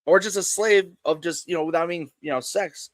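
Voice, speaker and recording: A man's voice: a little high, a little fast, dry recording, clean studio sound. A man co-hosting a live sports talk show, speaking emphatically in casual chat and calling others dude and bro.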